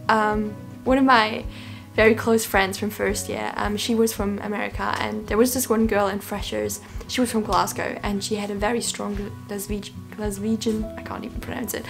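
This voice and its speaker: Chatty German woman with a gravelly edge. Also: mid-range voice. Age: young adult. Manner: chatty, laughs often, acts out quotes. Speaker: vlogger. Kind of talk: casual vlog chat.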